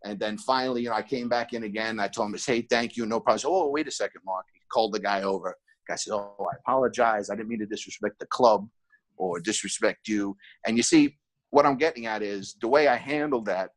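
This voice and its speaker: A man's voice: lowish voice, brisk. A middle-aged man, a former nightclub head of security, telling stories in a casual podcast chat and acting out the dialogue he quotes.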